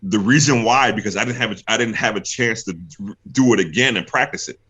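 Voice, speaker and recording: A man's voice: on the low side, fairly quick, bright, forceful tone, slightly rough. A young man guesting on an interview show, telling a story casually, acting out what other people said and laughing often. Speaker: guest, pro wrestler.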